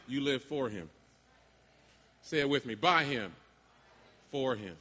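A man preaching a sermon to graduates, emphatic, with dramatic pauses and call-and-response. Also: mid-range voice, animated, pushed and bright. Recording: long hall reverb.

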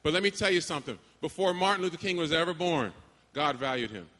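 A man preaching a sermon to graduates, emphatic, with dramatic pauses and call-and-response. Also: a little high, animated, pushed and bright. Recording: long hall reverb.

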